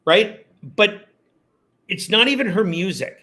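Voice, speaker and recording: Telling stories as a guest in an easygoing interview, a Canadian ex-radio host acts out quotes with animated flair. His voice sits high, and he takes it slowly.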